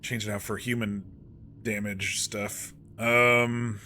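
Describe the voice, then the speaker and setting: A man's voice: fairly low pitch, flat delivery, slow pace, sharp tone, a little hiss or hum. A man giving chatty, wry commentary while streaming a video game. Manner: chatty, wry, reads lines aloud. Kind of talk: casual gameplay commentary.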